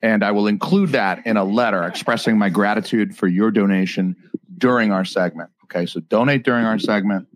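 On a livestreamed podcast he hosts, a man in his thirties rambles through crude jokes with lots of restarts. His lowish voice runs a little fast, with no echo.

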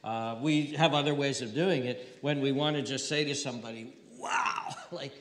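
A man preaching a sermon in a conversational, animated way and acting out scenes, in an echoey hall with long reverb. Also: medium pitch, fairly quick. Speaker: pastor.

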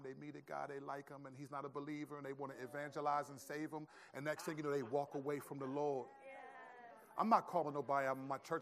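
A pastor preaching a sermon in an animated, conversational storytelling way. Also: male voice, on the high side.

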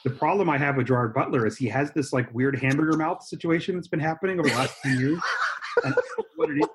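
A man's voice: a little high, fast talker, very noisy. An American man co-hosting a podcast, talking in a rambling, joking way with many restarts. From United States. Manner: rambling, self-interrupting, joking. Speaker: podcast co-host. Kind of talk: casual chat.

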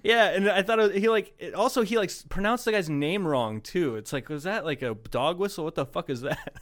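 A man co-hosting a casual podcast, his voice sitting a bit high for a man. He tells stories in a loose, rambling way, full of swearing and laughter, in relaxed back-and-forth chat. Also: brisk, no room sound. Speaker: podcast co-host.

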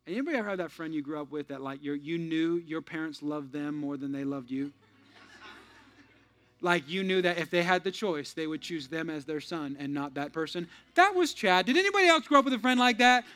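A male pastor preaching a sermon, telling stories with lively shifts between loud punchlines and hushed, earnest asides. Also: fairly high pitch, fairly quick.

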